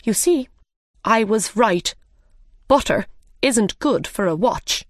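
A prickly, fussy male hatter from a storybook, with slow, drawn-out speech, as a woman reading aloud puts him on. He sits a few notes above the reader's own voice. The recording is dry and close. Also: on the high side, expressive, no room sound, pitched above the performer's own voice. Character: fussy, rude grown male hatter at a tea party.

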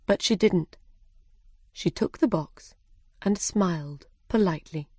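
A woman narrating a children's storybook with a slow, simple, careful reading. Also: fairly low pitch, warm tone, husky, dry recording, studio quality.

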